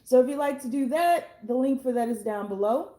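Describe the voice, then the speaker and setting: Hoarse young woman tarot reader, mellow, slightly high voice, blunt and chatty. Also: animated, brisk. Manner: chatty, blunt, swears casually. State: hoarse, losing her voice. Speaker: tarot reader and life coach. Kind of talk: casual tarot reading.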